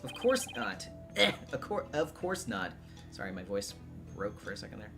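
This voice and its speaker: A man's voice: lowish voice, big pitch swings. A man voicing an exasperated young defense lawyer in a plain, natural voice, with game music behind. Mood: flustered. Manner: exasperated, quick retorts.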